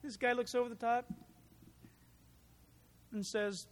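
A man preaching a sermon in an animated, conversational way, full of asides and rhetorical questions. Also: very high voice, slow. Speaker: pastor.

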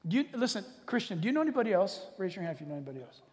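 A man preaching a sermon to his church, animated and joking, swinging between loud declarations and hushed asides. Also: high-pitched, very fast, long reverb tail. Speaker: pastor. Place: church hall.

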